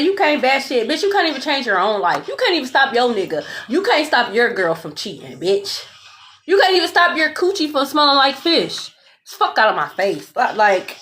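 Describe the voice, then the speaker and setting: Sassy, high-pitched woman reading tarot. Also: moderate pace. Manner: blunt, profane, sassy and animated; repeats "okay?" often. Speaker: tarot reader.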